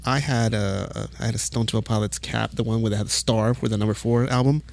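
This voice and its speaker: A middle-aged man from El Paso, a music photographer, telling stories as a podcast guest in a casual, profane, animated way. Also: lowish voice, quick pace, creaky. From El Paso, Texas. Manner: profane, animated storytelling with acted quotes. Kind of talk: casual storytelling.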